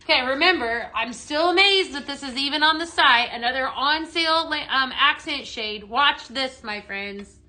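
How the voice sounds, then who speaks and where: Excited live-stream seller, woman, bright and punchy, chats directly to viewers. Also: sits high, moderate pace, few pauses, slight background noise, rough recording. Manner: excited, gushing, talks straight to viewers. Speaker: live-stream sales host. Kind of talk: chatty live product demo. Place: indoors, dimmed room.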